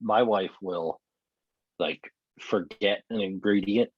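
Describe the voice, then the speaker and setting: A man's voice: on the low side, slow, husky, no room sound, lo-fi sound. A man co-hosting a podcast with a New England accent, chiming in with dry jokes in casual chat. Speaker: podcast co-host.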